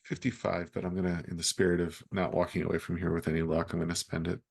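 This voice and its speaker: A man's voice: sits low, little pitch movement, quick pace, gravelly, husky, dry recording, studio quality. A man playing a tabletop game, wry and offhand. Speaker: player. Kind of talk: casual tabletop play.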